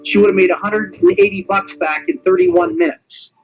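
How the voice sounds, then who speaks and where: A man presenting a sales pitch on a webinar, in an animated, teasing, repetitive salesman patter. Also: moderate pace, muffled recording, soft background music.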